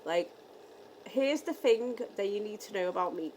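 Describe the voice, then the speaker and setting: A young British woman from the UK telling a story in a casual vlog, acting out the dialogue with lively energy. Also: mid-range voice, moderate pace, slight background noise, poor audio. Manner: animated, re-enacting dialogue. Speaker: vlogger.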